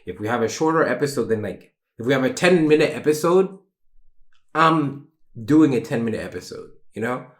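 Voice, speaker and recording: A man's voice: medium pitch, lively intonation, moderate pace. A young man hosting a solo podcast, talking in a rambling, emotional, candid way and swearing casually. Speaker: podcast host. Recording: roomy echo.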